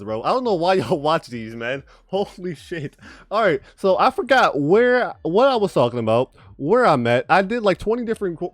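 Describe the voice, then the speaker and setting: A man giving casual, rambling gameplay commentary, swearing freely and saying bro a lot, his speech a bit spitty from a retainer. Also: fairly high pitch. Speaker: gaming YouTuber.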